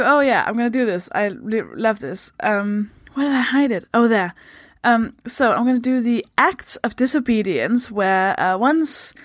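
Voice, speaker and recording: A woman's voice: fairly high pitch, no room sound, studio quality. A young woman from Denmark hosting a podcast in a loose, chatty way, swearing freely and laughing often. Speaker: podcast host. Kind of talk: casual podcast chat.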